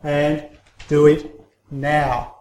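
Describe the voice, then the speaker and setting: A man's voice: on the high side, monotone, extremely slow, a little mellow. A man voicing an irritated, commanding male navy captain in a story told to a congregation. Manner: commanding, insistent. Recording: roomy hall echo.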